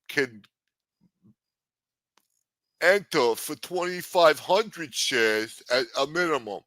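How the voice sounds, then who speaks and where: A man voicing a smooth-talking male mob boss who pitches crypto shares like a salesman. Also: a bit bright, dry recording.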